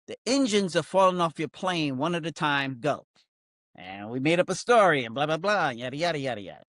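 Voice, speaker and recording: Older man, comedian spinning an animated story. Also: a little high, brisk, no echo, clean studio sound. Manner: animated, acts out quoted voices, many fillers like blah blah; wry, self-mocking humor. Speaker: comedian guest. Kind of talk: storytelling anecdote in casual chat.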